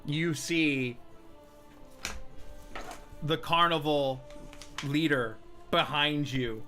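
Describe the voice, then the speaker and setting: A man narrating a live tabletop role-playing game as game master, telling the scene slowly and dramatically. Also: fairly high pitch, over loud music. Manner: slow, dramatic storytelling.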